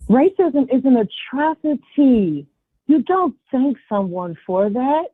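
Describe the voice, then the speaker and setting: A tired woman calling in to give a blunt, indignant public comment, her voice a little husky. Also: a little high, dry recording. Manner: indignant, blunt, pointed questions. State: tired, yawning. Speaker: caller giving public comment. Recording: tinny phone line, dry.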